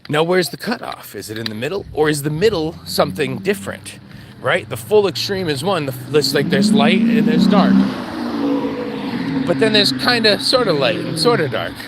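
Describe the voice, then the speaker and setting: A man's voice: fairly high pitch, expressive, moderate pace, very noisy. A man vlogging on a dog walk, rambling and joking, laughing at himself as he talks. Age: adult with kids. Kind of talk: casual walk-and-talk monologue.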